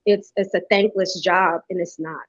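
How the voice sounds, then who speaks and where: A woman's voice: fairly low pitch, normal speed, dry recording. A middle-aged woman hosting a podcast, telling a heartfelt story in casual conversation and acting out the quotes. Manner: animated storyteller, acts out quotes. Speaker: podcast host. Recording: dry, dull lo-fi sound.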